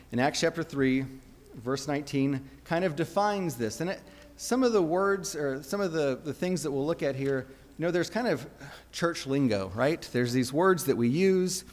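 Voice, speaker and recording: A man preaching a sermon in an earnest, conversational way, often restarting his phrases. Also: fairly high pitch. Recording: long reverb of a hall.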